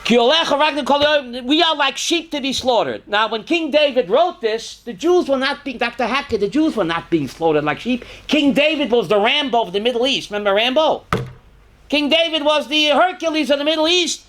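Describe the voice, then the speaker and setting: Animated high-voiced man teaching scripture. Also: a little fast. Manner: animated, reads Hebrew verses aloud and translates, questions the audience. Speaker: rabbi. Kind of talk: Torah class lecture.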